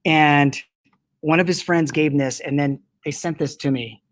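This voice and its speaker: A product company founder speaks as a guest in a casual interview, enthusiastic and rambling with many restarts. His voice is a little high and steady, at normal speed. There's a little hiss or hum in the audio.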